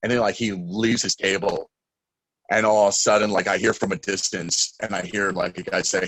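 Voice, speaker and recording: A young man, a guest in a casual interview, telling stories excitedly and acting out quotes loudly. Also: low voice, moderate pace, no room sound, rough recording.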